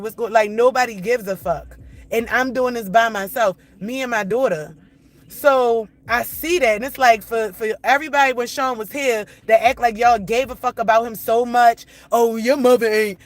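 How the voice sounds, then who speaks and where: A woman's voice: a little high, a bit bright. A middle-aged woman talking to her chat on a casual livestream, ranting heatedly with lots of profanity and repetition. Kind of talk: casual live-stream venting.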